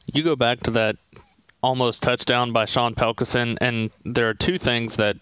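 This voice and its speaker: A man's voice: medium pitch, fairly even intonation, moderate pace, a bit bright, clear, resonant tone, dry recording. A man co-hosting a sports podcast, chatting casually and conversationally about a game.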